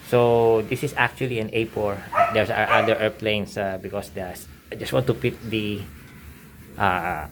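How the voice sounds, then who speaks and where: A man's voice: lowish voice, slight background noise. A middle-aged man, an art channel host, casually talking through his old drawings, rambling with many fillers and restarts. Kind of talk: casual sketchbook tour narration.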